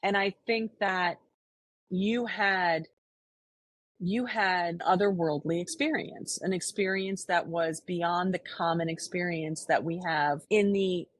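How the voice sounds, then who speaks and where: A woman's voice: fairly low pitch, fairly even intonation, takes it slowly, no room sound. A woman co-hosting a podcast, talking earnestly and reflectively in casual conversation, often restarting her sentences. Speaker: podcast co-host.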